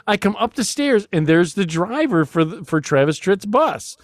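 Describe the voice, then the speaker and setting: A man with a high, very animated voice hosts a talk show podcast, telling a long story at a normal pace, laughing frequently and restarting often. It's a casual storytelling chat in studio-quality sound with no room echo.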